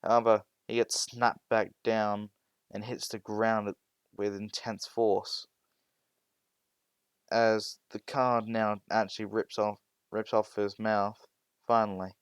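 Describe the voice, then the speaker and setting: A man with a low, smooth voice narrates an improvised fan story, rambling and restarting his sentences. The sound is close and dry. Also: level tone, slow pace, no echo. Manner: rambling, frequent restarts and "well".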